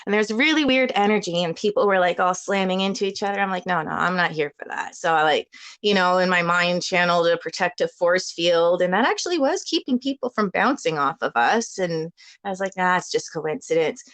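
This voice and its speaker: A woman's voice: lowish voice, lively intonation, fairly quick, fairly bright tone, no echo. Rambling chatty woman caller, dry sound. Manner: rambling, chatty, laughs often. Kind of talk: casual call-in chat. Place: at home with a child.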